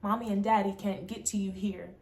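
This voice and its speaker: A young adult woman telling a personal storytime tale in an animated, emphatic way. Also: medium pitch, fairly quick, echoey room. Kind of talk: storytime monologue.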